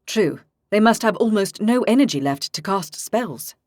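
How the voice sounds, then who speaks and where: A woman voicing a calm, decisive young male ranger leader in an audiobook, close to her own voice. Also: high voice, moderate pace, dry recording.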